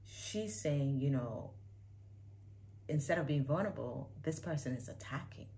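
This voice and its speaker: Low-voiced woman giving a candid reaction. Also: animated, a little slow, a little hiss or hum. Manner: candid, emphatic, drifts between loud bursts and soft asides. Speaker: YouTuber reacting to a clip. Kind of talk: casual reaction commentary.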